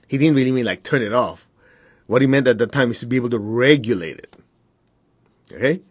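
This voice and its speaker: A man's voice: mid-range voice, a little fast, slightly rough, dry recording, studio quality. A man teaching his followers in a blunt, direct way, with short laughs between points. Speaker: spiritual teacher.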